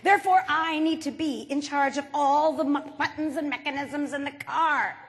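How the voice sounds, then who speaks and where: A woman's voice: high-pitched, steady tone, normal speed, lightly acted. A woman imitating a stubborn, defensive husband who insists in a pompous way. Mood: insistent. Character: stubborn defensive husband, middle-aged man. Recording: reverberant hall.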